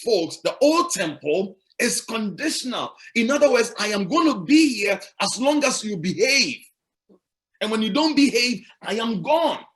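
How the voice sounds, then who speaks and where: A man's voice: sits high, very animated, a little slow, fairly bright tone. A male pastor preaching a sermon, emphatic and repetitive, asking the congregation rhetorical questions.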